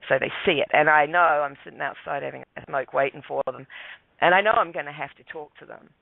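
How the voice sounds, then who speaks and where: A man tells a rambling story, his voice sitting a touch high. He is heard over a tinny phone line with a dry sound and no room echo. His talk is full of fillers and restarts. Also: quick pace, vocal fry. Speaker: guest. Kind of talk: casual storytelling.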